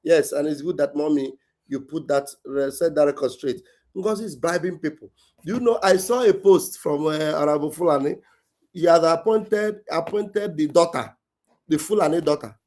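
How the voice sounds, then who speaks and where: A man's voice: on the high side, normal speed, darkish tone. A man hosting a call-in show, chatting casually, laughing often and humming along as callers speak. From Nigeria. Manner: laughs often, short backchannel hums. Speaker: host.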